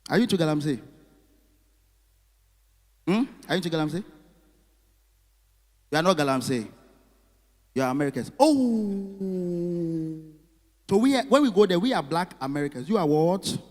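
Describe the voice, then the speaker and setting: Man, stand-up comic, animated crowd work, high voice, long hall echo. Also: normal speed, pauses often. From Ghana. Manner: animated, chatting with the audience. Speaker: stand-up comedian. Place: live comedy venue.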